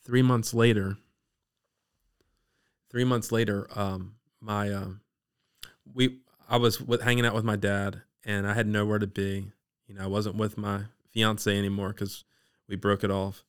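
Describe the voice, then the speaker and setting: A man from Maryland's Eastern Shore, a podcast guest telling his personal faith story in a lively, animated way. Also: lowish voice, measured pace, smooth. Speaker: guest sharing his testimony.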